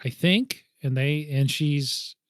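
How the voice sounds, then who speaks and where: Guy co-hosting a movie podcast, kinda high voice, keeps hedging and laughing at himself. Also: takes it slowly, clean tone, no room sound, studio quality. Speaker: podcast co-host. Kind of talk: casual movie podcast chat.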